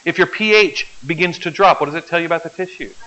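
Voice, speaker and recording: A man's voice: on the high side, fast, bright, forceful tone. A man teaching a biology class, explaining step by step and often checking that the students follow. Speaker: biology lecturer. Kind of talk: classroom lecture. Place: lecture hall. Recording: dull lo-fi classroom recording.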